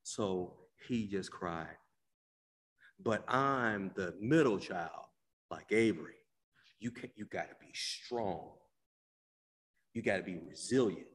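A man preaching a sermon, swinging between hushed low lines and loud emphatic bursts, stretching and repeating his phrases and calling out to listeners by name. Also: slow, pauses often. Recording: long hall reverb.

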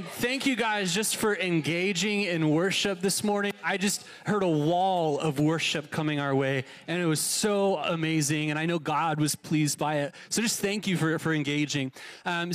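A man with a notably high voice preaching in a church, speaking casually and often stumbling over repeated words. The sound is dry and close. He throws rhetorical questions at the congregation as he goes. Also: a bit bright, dry recording. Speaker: pastor. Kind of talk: sermon. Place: church sanctuary.

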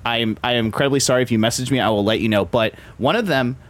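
Male podcast host, loose rambling storyteller, casual chat, mid pitch. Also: very fast. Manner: rambling storyteller, heavy use of filler "like".

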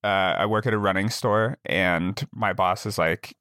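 A man's voice: deep voice, measured pace, clean tone, dry recording, studio quality. A young adult man co-hosting a comedy podcast, telling self-deprecating stories in casual chat. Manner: animated, self-deprecating storytelling.

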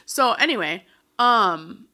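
A woman co-hosting a podcast, retelling a musical's plot in animated casual chat full of "like". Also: mid-range voice, takes it slowly. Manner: animated storyteller, lots of "like". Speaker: podcast co-host.

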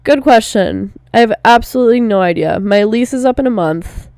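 A woman's voice: on the high side, lively intonation, darkish tone, no echo, studio quality. A young woman in her twenties talking candidly in a personal vlog, casual, with lots of fillers and swearing. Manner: slow, drawn-out delivery. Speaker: vlogger.

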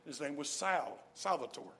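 Middle-aged male pastor, high voice, emphatic sermon delivery. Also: animated, moderate pace, sharp tone. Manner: emphatic, repeats key phrases for stress.

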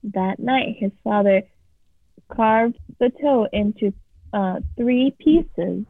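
A woman's voice: medium pitch, slow, no echo. A woman casually reading a scary story aloud as a podcast co-host. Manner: casual, swears freely. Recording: tinny phone-like sound.

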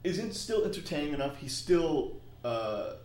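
A man's voice: on the high side, sing-song, a little slow, a little mellow. A man co-hosting a casual chat, rambling and often restarting his sentences. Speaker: podcast co-host. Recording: roomy echo with faint ambience.

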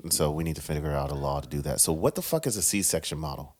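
A young man in casual chat, blunt and profane, quick to laugh. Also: rumbling low, a little mellow. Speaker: podcast co-host.

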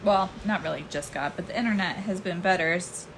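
A woman's voice: lowish voice, fairly quick, rough recording. A mother chatting casually, rambling through her stories with plenty of ums and self-corrections. A faint background noise runs underneath. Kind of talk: casual chat.

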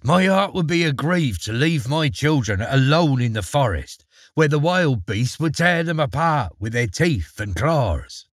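A poor, careworn woodcutter father from a storybook, pleading and anguished, voiced by a male reader in a somewhat raised register. The voice is a little husky and close. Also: mid-range voice, lively intonation, measured pace, no echo, voice pushed up. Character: poor worried woodcutter father, gentle man.

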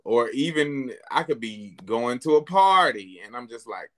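A man hosting a podcast in a casual, heartfelt chat, speaking candidly and getting animated as he recounts his own thoughts. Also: mid-range voice, unhurried, hardly any pauses. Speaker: podcast host.

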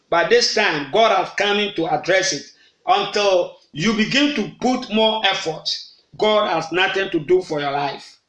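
A man's voice: on the high side, a bit bright, roomy sound, poor audio. A man preaching a midnight prayer sermon, repeating phrases and prompting the congregation to answer, sometimes slipping into tongues. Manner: slips into rhythmic tongues. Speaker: pastor.

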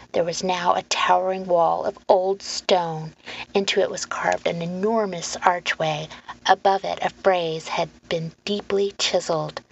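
Woman narrating a storybook, gravelly tone. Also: fairly low pitch. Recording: muffled lo-fi recording, faint hum.

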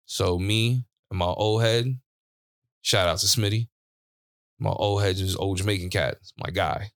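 A man's voice: fairly low pitch, steady tone, measured pace, fairly bright tone, dry recording, clean studio sound. A man hosting a podcast, telling a long story in a laid-back, profane way and laughing often. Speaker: podcast host. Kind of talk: casual storytelling chat. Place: studio.

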